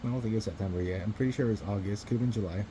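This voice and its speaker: A man's voice: fairly low pitch, rapid-fire, noisy background. A man vlogging to his phone camera, telling a rambling story in a casual, profane way and chuckling between remarks.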